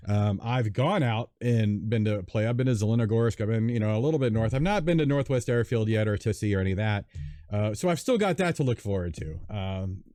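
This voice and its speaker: A man's voice: lowish voice, a little fast, warm tone, no echo, clean studio sound. A man hosting a casual livestream chat, telling stories with enthusiasm and frequent chuckles. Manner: enthusiastic storyteller, chuckles often. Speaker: stream host.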